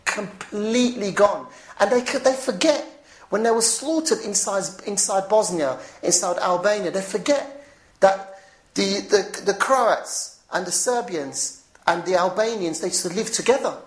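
A woman giving an informal religious talk, animated, chuckling now and then and repeating her points. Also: medium pitch, moderate pace. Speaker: preacher. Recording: roomy echo.

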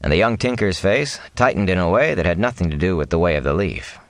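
A man narrating a fantasy novel aloud in an expressive reading. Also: low-pitched, fast talker, no room sound. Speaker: audiobook narrator. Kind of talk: storybook narration.

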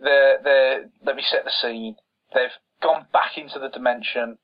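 A man's voice: mid-range voice, fairly even intonation, normal speed. A man co-hosting a casual film chat, exasperated and sarcastic, picking apart the plot and mimicking characters. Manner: exasperated, sarcastic, mocks characters in quoted voices. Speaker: podcast co-host. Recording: dull lo-fi audio.

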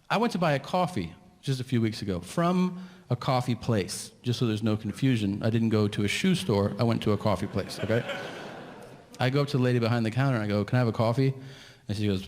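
A man doing a stand-up comedy set, telling his story in an incredulous, ranting way that climbs toward shouting. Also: mid-range voice. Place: large theater stage with audience. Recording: live hall with long reverb and audience noise. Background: audience laughter.

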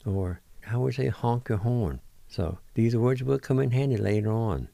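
A middle-aged man hosting a language lesson, spelling words letter by letter and repeating each one slowly. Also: mid-range voice, vocal fry, mellow, no room sound. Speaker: radio host teaching words. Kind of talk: slow word-by-word language lesson.

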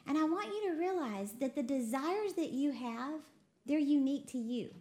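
A woman from Texas preaching a lively sermon, laughing often and quoting voices as she talks. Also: sits high, moderate pace. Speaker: preacher co-hosting a broadcast. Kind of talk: sermon to a women's audience.

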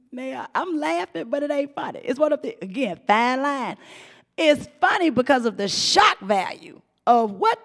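A middle-aged woman hosting a profane, animated commentary rant, often mimicking voices and laughing. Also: on the high side, big-room sound. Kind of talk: ranting commentary monologue.

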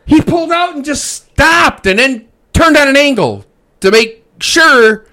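A man's voice: extremely high pitch, expressive, measured pace, bright, forceful tone. A man, venting with heavy profanity in casual chat.

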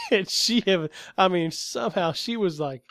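A man's voice: sits high, unhurried, fairly bright tone, no room sound, studio quality. A man co-hosting a casual chat, joking around and laughing often. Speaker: podcast co-host.

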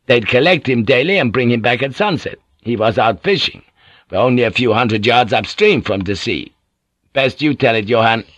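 A man voicing a rough, quarrelsome old sailor in an audiobook, talking coarsely. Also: medium pitch, lively intonation, normal speed, a bit bright, dry recording, dull audio. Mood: grumbling. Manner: coarse, grumbling.

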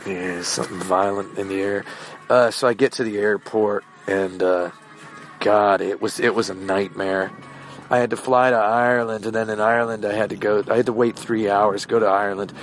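A man's voice: on the low side, steady tone, normal speed, faint music behind. A man hosting a podcast, telling a rambling casual anecdote in a meandering way, full of fillers and restarts. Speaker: podcast host. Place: outdoors, walking around shops.

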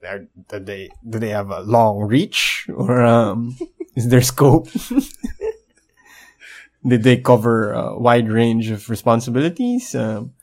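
A man's voice: mid-range voice, slow, a little mellow. A man co-hosting a podcast in casual tech chat, teasing and laughing often as he talks. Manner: giggly, teasing, lots of laughter. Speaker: podcast co-host. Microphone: desk mic.

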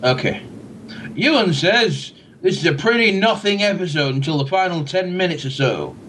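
A man's voice: on the high side, a little hiss or hum, rough recording. A man hosting a casual podcast, reading listener feedback with dry jokes. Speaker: podcast host.

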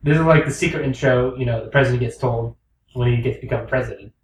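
A man's voice: medium pitch, quick pace, recorded from a distance. A man co-hosting a casual podcast, teasing his co-hosts and laughing often. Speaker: podcast co-host. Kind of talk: casual banter. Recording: echoey room, voice a bit off-mic, faint background noise.

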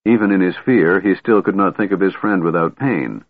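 A man's voice: low-pitched, normal speed, few pauses, no echo. A man narrating a fantasy novel as an audiobook, with dramatic storytelling. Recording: tinny, narrow band.

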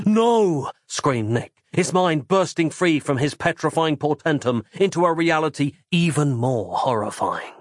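A man narrating a horror audiobook in a dramatic, measured reading. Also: on the high side, lively intonation, no echo, studio quality.

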